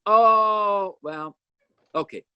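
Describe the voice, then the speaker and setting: A man's voice: sits high, very slow, muffled recording. An older man giving casual, joking commentary on his own music video, with teasing asides about each person on screen. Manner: jokey, animated, teasing asides. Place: home.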